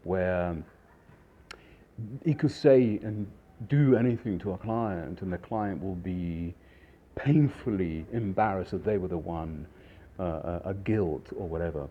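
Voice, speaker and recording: A man, a chef, telling stories from his career in a rambling, animated way with many fillers. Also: low-pitched, highs cut off, slight background noise. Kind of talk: casual storytelling.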